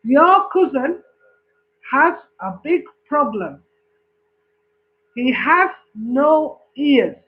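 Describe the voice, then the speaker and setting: A man's voice: extremely high pitch, very animated, very slow, long pauses, heavily acted. A man playing a stern warning father. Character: stern father sending his son off. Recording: tinny phone-like recording.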